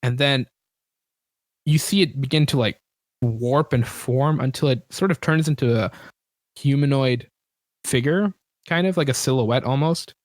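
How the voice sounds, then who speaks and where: A man's voice: mid-range voice, unhurried, long pauses, dry recording, clean studio sound. A man narrating a tabletop game as game master, casual and rambling, with many fillers and self-corrections.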